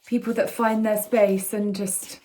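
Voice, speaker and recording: A woman chatting to her camera at home in an everyday mid-range voice. She gushes and bubbles over with excitement, slipping now and then into hushed whispers as she talks. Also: mid-range voice, measured pace, a little hiss or hum. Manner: gushing and excitable, drops into soft whispers. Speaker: lifestyle vlogger. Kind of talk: casual chat to camera. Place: home indoors.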